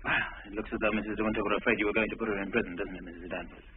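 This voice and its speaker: An actor playing a brisk, breezy upper-class husband in a 1940s film drama, teasing and quick to scold. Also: male voice, on the low side, fairly even intonation, a little hiss or hum, lightly acted. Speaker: husband and master of the house. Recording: tinny old film soundtrack under music.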